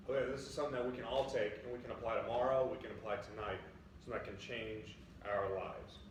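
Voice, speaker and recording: A man's voice: mid-range voice, slight background noise. A young man in his twenties preaching a sermon in a casual, storytelling way, upbeat and chatty with lots of "like" fillers. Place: church sanctuary. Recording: echoey church from a distant mic.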